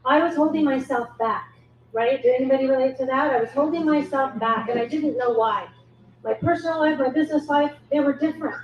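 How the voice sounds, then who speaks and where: A middle-aged woman, a forgiveness coach, speaking earnestly and encouragingly to a live audience at a measured pace. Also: high-pitched. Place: echoey event room at a wine cellar. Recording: echoey room, muffled sound, faint noise.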